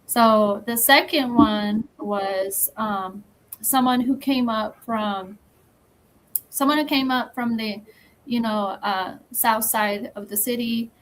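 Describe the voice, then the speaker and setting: Woman podcast guest, kinda high voice, slow and firm, little bit of background hiss. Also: rough recording. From Texas. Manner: measured, firm storytelling with pauses. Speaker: podcast guest, magazine founder. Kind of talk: casual interview chat.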